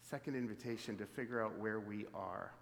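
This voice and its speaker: A man from the Canadian prairies delivers a sermon in a relaxed, thoughtful, conversational style packed with fillers. His voice is lowish, brisk and creaky, echoing through a reverberant hall.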